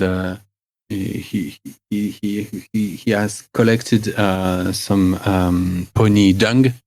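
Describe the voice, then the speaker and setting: A man narrating a tabletop game as game master, halting and full of fillers and restarts. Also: deep voice, no room sound.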